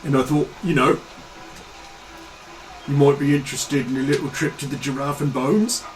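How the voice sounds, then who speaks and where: A man's voice: medium pitch, steady tone, normal speed, close to an everyday voice, rough recording. A man voicing a leering Cockney layabout who mutters and rambles on in slang. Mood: rambling.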